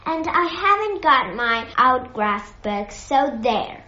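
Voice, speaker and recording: A woman reads as a small storybook bear from Peru, polite but stubborn, with a firm, earnest tone. The voice sits a little high and moves at an unhurried pace. The recording is echoey and muffled. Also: big pitch swings, sharp tone, full character voice.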